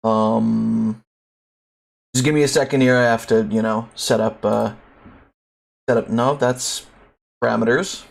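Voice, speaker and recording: A man's voice: fairly low pitch, steady tone, measured pace, creaky, long pauses. Rambling, foul-mouthed young male streamer. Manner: rambling, profane, ranting. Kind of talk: casual live-stream commentary.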